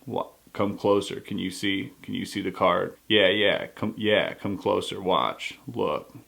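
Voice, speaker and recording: A man's voice: deep voice, fairly even intonation, a little slow, creaky, a bit bright, pitched below the performer's own voice, exaggerated voice. A man impersonating a mumbling male close-up magician who coaxes with short repeated commands. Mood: coaxing.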